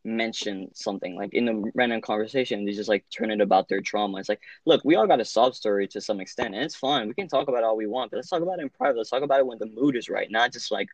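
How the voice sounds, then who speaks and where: A man's voice: lowish voice, fast, few pauses, no room sound, dull audio. A young man in casual chat, blunt and profane, full of filler words and restarts.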